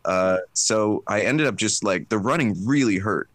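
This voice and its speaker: A man talks loosely in an interview, circling through fillers and restarts and often breaking into laughter. His voice sits deep, and the recording is dry and close with no room sound. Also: moderate pace, fairly bright tone, dry recording. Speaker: actor guest. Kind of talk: casual interview chat.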